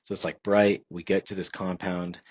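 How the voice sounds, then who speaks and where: A man in his thirties tells a personal story as a podcast guest, earnest and reflective and full of fillers. His voice sits very low with a husky edge. The recording is dry and a little dull. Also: flat delivery, normal speed, dry recording.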